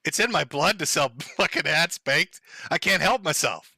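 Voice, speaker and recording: A man streaming live with a bright, cutting edge to his voice, his delivery swinging up and down a lot. He mocks and jokes sarcastically, laughs often and swears freely. The sound is close and dry. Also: on the high side, lively intonation, moderate pace, breathy edge, no room sound. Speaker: streamer host. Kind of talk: mocking live-stream commentary.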